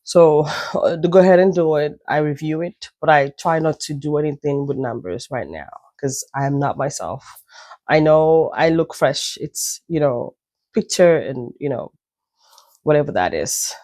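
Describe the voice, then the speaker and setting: A woman's voice: low voice, animated, moderate pace, dark tone, no room sound, clean studio sound. Chatty woman with a stuffy nose. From Nigeria. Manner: chatty, self-deprecating, meandering asides. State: stuffy nose, occasional cough. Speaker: vlogger. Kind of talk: casual storytelling vlog.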